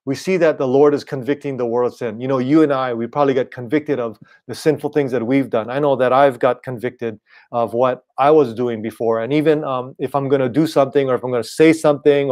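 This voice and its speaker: A man's voice: medium pitch, a little mellow. Casual male pastor from Hawaii. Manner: casual, repeats "right?" and "you know". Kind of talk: conversational online sermon.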